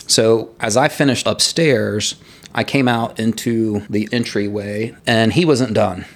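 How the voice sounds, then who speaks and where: A man casually telling a personal story to friends, animated and laughing at his own tale. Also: fairly low pitch, unhurried.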